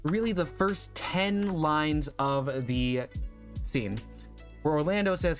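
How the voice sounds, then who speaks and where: A man with a voice a touch higher than most talks through a livestream in a loose, rambling way, thinking aloud as he goes. Soft music plays faintly underneath. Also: takes it slowly. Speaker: streamer. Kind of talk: casual livestream chat.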